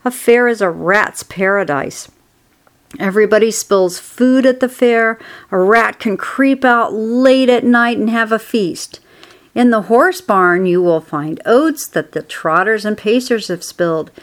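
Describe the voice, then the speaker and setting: A woman's voice: medium pitch, a little slow, lightly acted. A woman voicing a wise old sheep in a storybook reading, relishing and persuasive.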